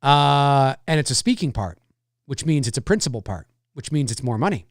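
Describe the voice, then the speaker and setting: This live-streamer, a man in his forties, has a medium-pitched, expressive voice and a moderate pace, answering viewers in a loose, rambling chat full of fillers and restarts. Clean studio sound, no room sound.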